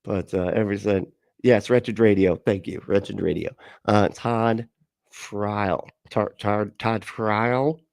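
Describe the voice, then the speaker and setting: A man hosts a casual livestream, reacting to chat comments with sarcasm, swearing and frequent laughter. His voice sits low with a gravelly edge. The sound is dry and close. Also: steady tone, slow pace, no echo. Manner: sarcastic, profane, laughs often. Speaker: livestream host.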